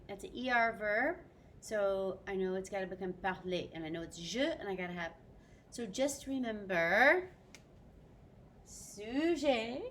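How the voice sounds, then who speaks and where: An upbeat woman teacher walks students through a French grammar lesson, sprinkling French words into her English. Her voice sits at an ordinary middle pitch. A faint hiss of background noise runs under the recording. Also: fairly bright tone.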